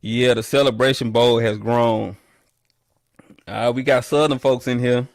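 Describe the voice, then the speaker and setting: A man's voice: mid-range voice, measured pace, dry recording, clean studio sound. Teasing man trash-talking on a livestream. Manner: playful trash talk, teasing, rising to loud animated bursts. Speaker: livestream host reading chat. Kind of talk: casual livestream chat.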